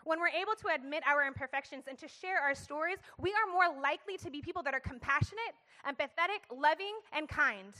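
Bright, high-voiced woman preaching. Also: brisk, few pauses. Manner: passionate, emphatic, calls for audience response. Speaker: speaker sharing her story at church. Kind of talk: sermon-style talk to a church audience.

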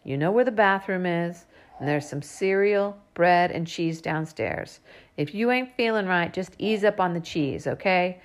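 A woman's voice: fairly low pitch, measured pace, close to an everyday voice. A woman voicing a folksy, easygoing middle-aged father who talks to his daughter in a coaxing way. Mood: hushed instructions.

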